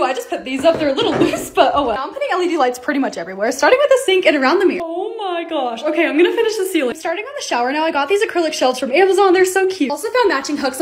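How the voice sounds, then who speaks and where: A young woman vlogger narrating her home organizing projects in a chatty, excitable voice-over with quick asides. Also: high-pitched. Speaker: lifestyle vlogger.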